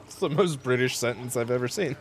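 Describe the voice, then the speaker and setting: A man's voice: mid-range voice, fairly quick, a little hiss or hum. A man streaming a video game, reading its text aloud and joking about his own accents. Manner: playful, self-mocking. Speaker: gaming streamer. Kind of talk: let's play commentary.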